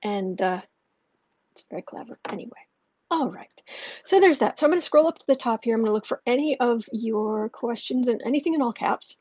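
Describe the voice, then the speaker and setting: A breathy, rather high-voiced woman rambles cheerfully through a home livestream, wandering off into asides and reading out her chat. She talks into an earpiece microphone. The sound is dull and dry, with no room echo. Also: animated, fairly quick. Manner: rambling and warm, with frequent fillers and asides. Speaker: astrology and tarot livestream host. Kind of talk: chatty livestream talk, reading chat comments.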